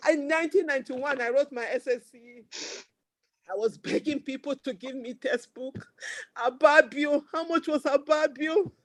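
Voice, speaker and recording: This is a dry recording of a fundraiser speaker: a woman in her forties with a Nigerian accent whose voice sits high. Speaking at a moderate pace, she delivers impassioned remarks in fervent, repetitive bursts.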